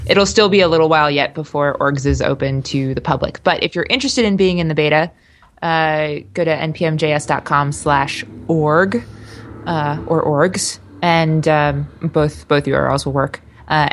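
Giggly rambling woman podcast host. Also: sits low. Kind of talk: casual chat.

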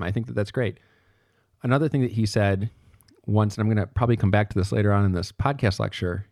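Chatty man giving a relaxed lecture. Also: fairly low pitch, dry recording, studio quality. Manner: chatty, asks "right?" often, trails off and restarts. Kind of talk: casual podcast lecture.

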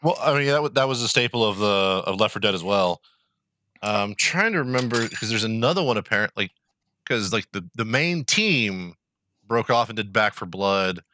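A man's voice: fairly low pitch, expressive, normal speed, sharp tone, dry recording. A man co-hosting a gaming podcast, laid-back and casual, swearing now and then. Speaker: podcast co-host.

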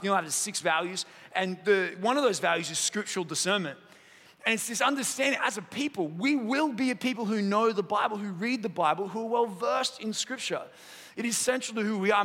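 A man preaching a sermon as pastor, telling stories and joking lightly with the congregation. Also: high-pitched. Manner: lively storytelling, jokes with the room. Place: church auditorium. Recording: long hall reverb in a church auditorium.

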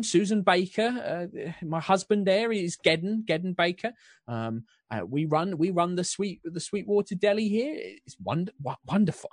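A man's voice: high-pitched, no echo, clean studio sound, pitched above the performer's own voice. A man voicing a flustered, fawning middle-aged woman baker with an English accent, stammering and gushing.

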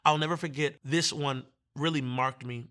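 Bright-voiced man telling a testimony. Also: mid-range voice, moderate pace. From Virginia, US. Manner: animated, acts out quoted voices. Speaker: guest minister. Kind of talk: testimony storytelling in conversation.

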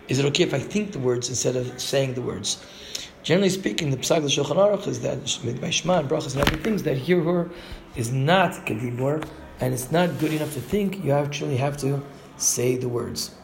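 Gravelly-voiced man teaching Jewish law. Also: mid-range voice, fairly quick, slight background noise. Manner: explanatory, glosses Hebrew terms in English. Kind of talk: spoken halacha lesson.

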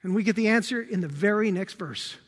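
High-voiced preacher in a reverberant hall. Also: male voice, lively intonation, brisk. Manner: preaching with rising and falling emphasis, repeated rhetorical questions. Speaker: pastor. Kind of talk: sermon.

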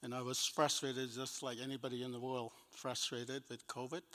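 A man's voice: mid-range voice, level tone, moderate pace, fairly bright tone. An older man with a Cambodian accent, an evangelist telling a personal story in an interview, often chuckling and acting out what people said. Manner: chuckles between sentences, acts out quoted dialogue. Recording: long echoey reverb.

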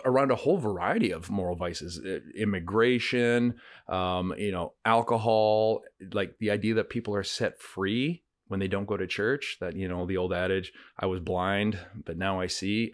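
Deep-voiced guy, earnest podcast chat, lots of ums and restarts, dry close mic. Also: no echo. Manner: earnest, searching, with many fillers and restarts. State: getting emotional. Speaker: podcast co-host. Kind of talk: reflective casual conversation. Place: countryside home.

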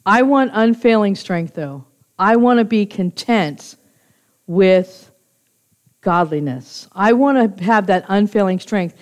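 A woman's voice: mid-range voice, animated, slow pace. A woman teaching an informal Bible study to a small group, chatty and confessional, often restarting and correcting herself and laughing with her listeners. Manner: laughs easily, jokes with listeners.

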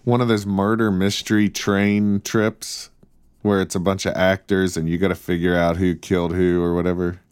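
A man with a very deep voice chats with dry, wry humor and tells stories at length. The mic is close and the sound dry. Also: flat delivery, moderate pace, a little mellow, clear, resonant tone, dry recording. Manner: dry humorous, storytelling, mock-announcer bits. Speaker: podcast co-host. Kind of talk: casual chat.

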